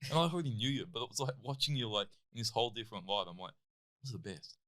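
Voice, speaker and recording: A man's voice: mid-range voice, racing. An Australian man in his thirties telling stories as a guest in a casual interview, peppering his talk with "like". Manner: animated, lots of "like" and "I'm like". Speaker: guest, athlete and comedian.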